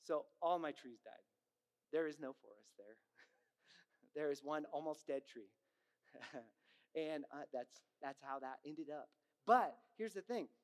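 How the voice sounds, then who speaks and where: A man's voice: on the high side, expressive, slow. A man preaching a sermon, telling stories with sound effects and acted voices and often checking in with the audience by asking "right?". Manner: frequent "right?" asides to the audience. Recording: long hall reverb.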